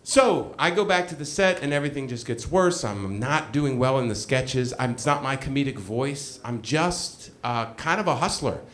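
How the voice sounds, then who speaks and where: A man's voice: medium pitch, normal speed, few pauses. A middle-aged man telling a funny personal story on stage, self-mocking and acting out the other people's lines. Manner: animated, self-mocking, acts out quoted voices. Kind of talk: live comedic storytelling.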